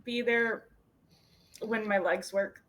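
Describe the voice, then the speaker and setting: A woman playing a tabletop game, lively and laughing as she answers. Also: mid-range voice, slow pace, slight background noise. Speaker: player. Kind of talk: tabletop role-play chat.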